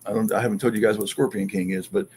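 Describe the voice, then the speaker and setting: Gravelly man telling an excited story. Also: fairly low pitch, racing, a little hiss or hum. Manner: animated, acts out quotes and sounds.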